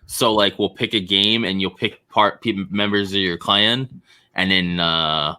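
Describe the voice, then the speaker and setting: A man with a very low voice that still has a bright, forceful edge talks through game plans in a relaxed way. He fills his sentences with "uh" and "like" while casually chatting with his co-hosts. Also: unhurried, clear, resonant tone. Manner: laid-back, explaining plans with many fillers. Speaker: co-host and game organizer. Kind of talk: casual chat.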